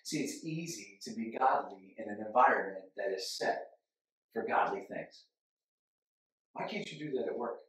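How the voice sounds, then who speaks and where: A man preaching a sermon as a pastor, animated, with his delivery swinging from loud to hushed. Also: fairly low pitch, normal speed, distant mic. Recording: echoey church hall from off-mic.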